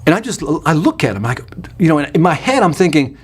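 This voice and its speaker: Talking fast in a slightly rough, higher-pitched voice, this man runs a live sales webinar as a sales trainer. He's energetic and emphatic, leans on punchy repetition, and reads out viewer comments along the way.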